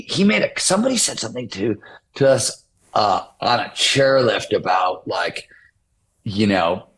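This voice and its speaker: A man's voice: lowish voice, fairly bright tone, rough recording. A man in his fifties, a guest author in an interview, talking casually and rambling with many restarts. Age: 50s.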